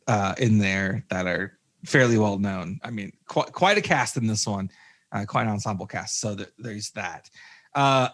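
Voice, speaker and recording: A man's voice: medium pitch, fairly bright tone. A man co-hosting a casual movie review podcast, rambling with many fillers and restarts, with jokey asides. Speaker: podcast co-host.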